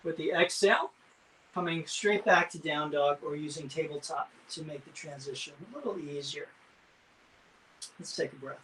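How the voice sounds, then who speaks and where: A man teaching an online yoga class, calmly cueing each breath and pose, with some fillers. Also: fairly high pitch, moderate pace, a little hiss or hum. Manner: calm breath-cued instructions, some fillers.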